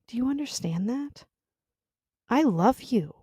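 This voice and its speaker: A hushed young woman presses her lover softly and possessively, as a woman reader voices her. The voice sits low and gravelly with a husky, muffled darkness, recorded close and dry. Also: measured pace, dry recording, full character voice. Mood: hushed, insistent.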